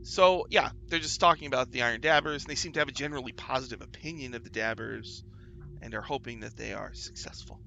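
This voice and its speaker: A man's voice: mid-range voice, fast talker, creaky, noisy background. A man narrating a tabletop game as game master, often laughing and stumbling over restarts.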